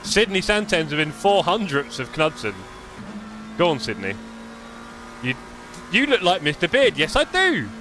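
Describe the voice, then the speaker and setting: A man's voice: fairly high pitch, very animated, a little slow, long pauses, fairly bright tone, a little hiss or hum. A man, live-streaming a sim race with chatty, jokey commentary and muttering while he adjusts his car setup.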